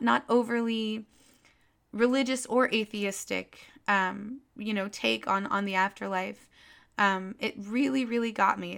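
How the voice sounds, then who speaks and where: A woman's voice: mid-range voice, vocal fry, bright, forceful tone. A woman giving a casual, rambling movie review, full of restarts and fillers and openly emotional about the scenes.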